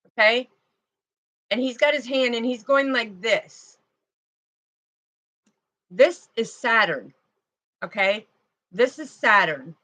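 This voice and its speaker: Slow, chatty spiritual woman reader. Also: a little high, bright, forceful tone, rough recording. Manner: slow, meandering, chatty, talks to viewers and a fly. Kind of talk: live oracle card reading.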